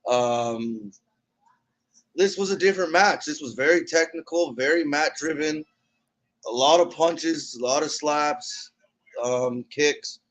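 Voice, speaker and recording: A man co-hosting a live wrestling watch party, talking in a relaxed, hesitant way with many ums while recapping matches. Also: fairly high pitch, takes it slowly, rough recording. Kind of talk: casual live-stream commentary.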